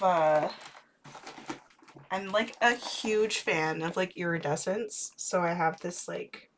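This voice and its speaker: A woman's voice: fairly low pitch, a little mellow, slight background noise. A woman in her thirties chatting casually and rambling while doing makeup on a livestream. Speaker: clown makeup streamer.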